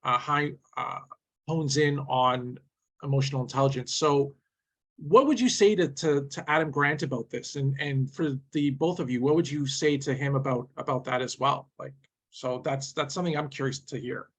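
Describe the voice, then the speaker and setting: A man's voice: mid-range voice, moderate pace, fairly bright tone. A man hosting a webcast conversation, posing long rambling questions to his guests. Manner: rambling, many fillers and restarts. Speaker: host.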